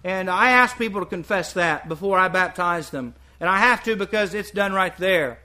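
A male preacher delivers a sermon in a high, ringing voice. He is earnest and emphatic and drives his points home by repeating them. His tone has a bright, pressing edge. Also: moderate pace. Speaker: visiting preacher.

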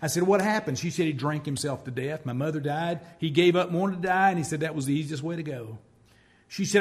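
A man's voice: fairly high pitch, brisk. A man preaching as pastor, telling stories and acting out the voices of people he quotes. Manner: storytelling preacher who acts out quoted speech. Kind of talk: sermon.

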